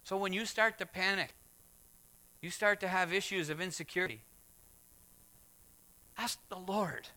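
A man preaching a sermon as pastor, swinging from hushed words to loud exclamations. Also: sits high, a little fast. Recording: long hall reverb.

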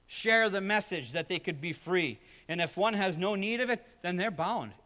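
A man's voice: high voice, lively intonation, moderate pace, pushed and bright. A man preaching a sermon as pastor, emphatic and building with repeated phrases, in a church sanctuary. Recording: long hall reverb.

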